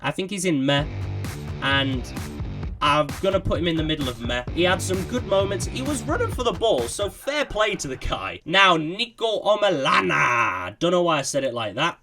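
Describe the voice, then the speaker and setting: A man in his early twenties talks through player ratings in a loose, slangy, opinionated way. His voice sits a touch higher than most men's. Music plays clearly under him. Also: very animated, fairly quick. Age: 20s. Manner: slangy and opinionated, lots of "bro". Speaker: gaming YouTuber rating players. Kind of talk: casual rating commentary.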